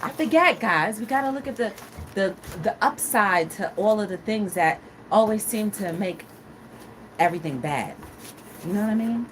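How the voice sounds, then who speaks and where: A woman's voice: medium pitch, normal speed, slight background noise, rough recording. A woman hosting a casual live-stream talk show, chatting with viewers in a playful, dramatic way. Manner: animated, playful, dramatic exclamations. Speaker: talk show host reading live chat.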